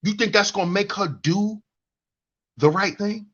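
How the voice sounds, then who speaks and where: This man's voice sits high with a fairly bright tone and a measured pace, and the audio is dull. He's a commentary channel host reading live chat in a heated monologue, preaching at other men and mocking them with a whiny put-on voice.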